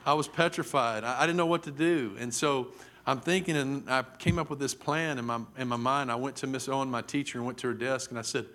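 A man's voice: mid-range voice, brisk, fairly bright tone. Middle-aged man, preacher, sermon, vivid storytelling, acted-out quotes. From Texas.

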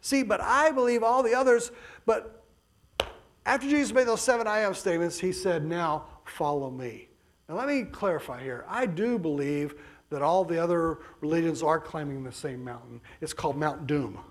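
A man delivers a sermon with emphasis at a moderate pace, sinking into soft, low stretches before climbing into raised bursts.

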